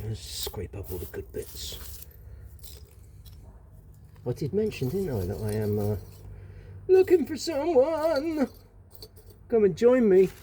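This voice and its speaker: A West Country man vlogs while cooking over an open fire outside, talking casually to camera with rambling, wry comments and muttered remarks to himself. His fairly low voice is mellow, and there's slight background noise.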